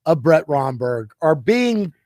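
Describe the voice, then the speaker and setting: A man's voice: a little high, big pitch swings, takes it slowly, a little mellow, no echo, studio quality. A man co-hosting a casual sports talk show, playful and teasing in his banter. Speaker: co-host. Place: radio studio.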